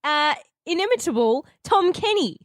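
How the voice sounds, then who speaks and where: A woman's voice: very high voice, big pitch swings, moderate pace, dry recording, clean studio sound. A young woman co-hosting a podcast in casual chat, giggly and playful. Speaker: podcast co-host.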